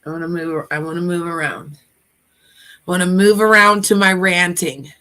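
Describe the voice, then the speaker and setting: A woman's voice: fairly low pitch, fairly even intonation, normal speed. Chatty emotional woman livestreaming. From United States. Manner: emotional, chatty, gives shout-outs to chat. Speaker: livestream host. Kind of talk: casual livestream chat.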